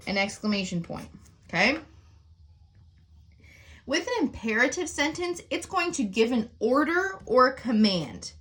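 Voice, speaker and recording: A woman's voice: medium pitch, a bit bright. A woman teacher explaining sentence types in a recorded lesson, often checking in with "okay?" and "right?".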